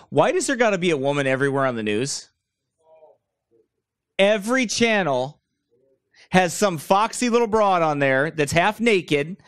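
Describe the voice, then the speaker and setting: A man's voice: fairly high pitch, a bit bright, dry recording, clean studio sound. A man preaching a sermon while seated, blunt and mocking, wandering off into stories. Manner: blunt, mocking, digressive preaching with put-on quoted voices. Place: church room, speaker seated.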